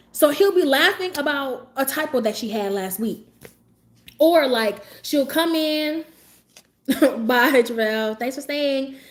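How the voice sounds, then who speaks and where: High, lively sassy woman streamer. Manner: sassy, animated, laughs often while telling stories. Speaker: livestreamer. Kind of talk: casual livestream storytelling.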